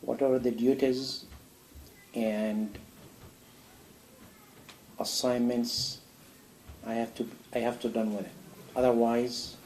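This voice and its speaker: A man giving a sermon in a mosque, animated and full of rhetorical questions. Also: mid-range voice, takes it slowly, long pauses, slight background noise, rough recording. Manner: animated, acts out a dialogue with God, rhetorical questions. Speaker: imam answering a question. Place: mosque hall.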